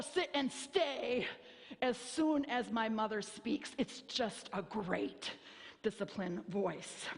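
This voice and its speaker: Woman pastor preaching in a reverberant church. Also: high-pitched. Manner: storytelling, wry and self-mocking, acts out voices. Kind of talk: sermon. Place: church sanctuary. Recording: long hall reverb.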